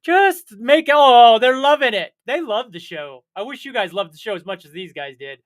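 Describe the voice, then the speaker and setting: A man's voice: very high voice, lively intonation, normal speed. A young man hosting a casual solo livestream, rambling with jokey, self-mocking asides. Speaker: livestream host.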